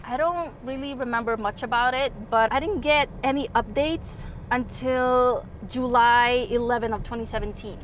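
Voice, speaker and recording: A woman in her thirties from New York, telling a story in a casual, animated chat, swearing and laughing freely. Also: a little high, moderate pace, few pauses, slight background noise. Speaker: nurse and podcast host.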